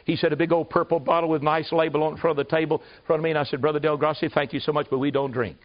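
An American man preaching a revival sermon, telling stories and building to loud emphatic peaks before dropping low. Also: little pitch movement, racing. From United States. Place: church service with a congregation. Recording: dull lo-fi recording.

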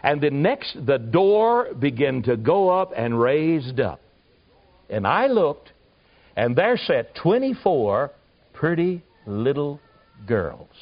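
A man's voice: on the high side, slow. Folksy preacher man telling a story. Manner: folksy, animated storytelling with asides to the audience. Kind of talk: storytelling sermon. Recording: muffled lo-fi recording.

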